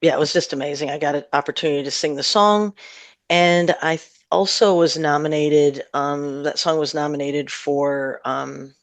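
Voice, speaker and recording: Woman with a gravelly edge, dry close sound, chatty singer-songwriter guest, laughs a lot, middle-aged. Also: low-pitched, steady tone, normal speed, dry recording. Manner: chatty and warm, laughs often, rambles with fillers. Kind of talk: casual interview chat.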